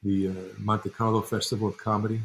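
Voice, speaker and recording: A man's voice: on the low side, level tone, a little fast, creaky, slight background noise, low-quality recording. An older man from New York, a guest in an interview, telling long rambling stories and acting out the people in them. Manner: rambling anecdotes, acts out other people. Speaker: guest, actor and director. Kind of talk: relaxed interview storytelling.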